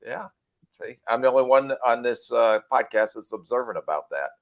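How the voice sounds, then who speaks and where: A man co-hosting a podcast, giving measured analysis with self-deprecating humor. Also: mid-range voice, lively intonation, vocal fry. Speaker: podcast co-host and draft analyst. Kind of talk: casual podcast chat.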